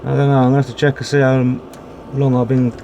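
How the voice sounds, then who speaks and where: A man's voice: mid-range voice, completely flat delivery, fast, creaky, background noise. A man giving casual running commentary in his workshop, muttering and swearing as he works. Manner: chatty, muttering and humming while working, swears casually. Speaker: DIY video maker.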